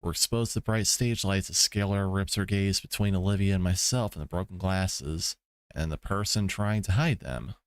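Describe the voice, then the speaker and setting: A man's voice: low voice, normal speed, clear, resonant tone, no room sound, studio quality. A man streaming a visual novel, reading the story aloud with laid-back commentary, swearing asides and chuckles. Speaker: let's play streamer.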